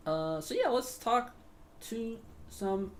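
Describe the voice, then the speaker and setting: A young woman narrates her role-play through a fantasy game, giggling, swearing and wandering off-topic. Her voice sits fairly high and leaps around with lively swings. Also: slow pace, slight background noise. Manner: giggly, easily distracted, swears. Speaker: gaming streamer. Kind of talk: casual role-play gaming commentary.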